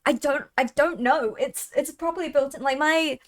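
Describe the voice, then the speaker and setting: A young woman of Thai heritage chatting casually on a livestream, talkative and quick to laugh. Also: high voice. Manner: chatty, laughs often, trails off. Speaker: streamer.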